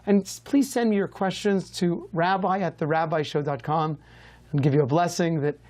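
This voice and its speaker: A man, a rabbi hosting a TV show, answering viewers' questions in a lively, conversational teaching style. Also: on the high side, moderate pace. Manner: lively, conversational, varies pace a lot.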